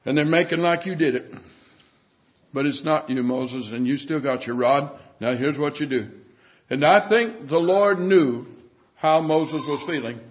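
A male preacher delivering an emphatic sermon, often dropping to hushed tones. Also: on the high side, a little slow. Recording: dull lo-fi sermon recording.

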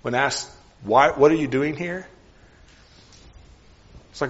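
A man preaching a sermon in an earnest, questioning way, often dropping his voice softly on key lines. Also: medium pitch, slow, pauses often, breathy edge, long reverb tail, highs cut off.

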